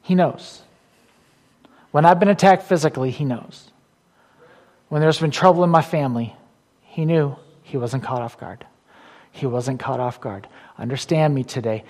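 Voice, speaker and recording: In a large hall, a man gives a sermon as pastor at a moderate pace, pausing often, his voice sitting in the mid range. Emphatic and repetitive with key phrases, he alternates between forceful statements and hushed, confiding asides.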